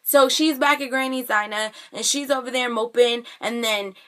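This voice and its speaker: Young woman, vlogger, casual recap, sassy and slangy, fairly high voice, bright tone. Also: moderate pace. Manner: animated, sassy, slangy, acts out the characters. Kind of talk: casual chat.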